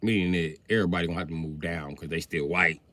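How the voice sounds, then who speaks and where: A man's voice: low-pitched, steady tone, fast, fairly bright tone. A man hosting a livestream, ranting crudely and loosely in a comedic way. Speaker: livestream host. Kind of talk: profane comedic rant.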